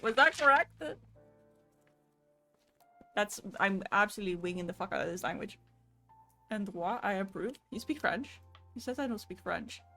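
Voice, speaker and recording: A woman's voice: mid-range voice, a bit bright. A woman chatting casually on a live stream, laughing often, swearing now and then and switching between languages.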